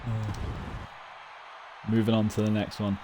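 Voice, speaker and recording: A man streaming a wrestling video game, giving chatty, excitable commentary and predictions. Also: fairly low pitch, unhurried, over music. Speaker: gaming streamer. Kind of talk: casual live-stream commentary.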